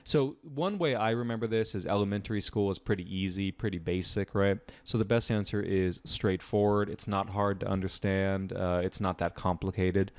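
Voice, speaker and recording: Casual, lower-voiced male tutor. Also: normal speed, few pauses, no room sound. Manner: relaxed, conversational, frequent fillers and asides. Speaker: test-prep tutor. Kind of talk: casual explanatory lesson.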